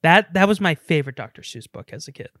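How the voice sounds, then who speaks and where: A man's voice: a little high, animated, fast talker, fairly bright tone, no room sound, clean studio sound. A man co-hosting a podcast in casual chat, joking and rambling, often laughing and slipping into silly voices. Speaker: podcast co-host.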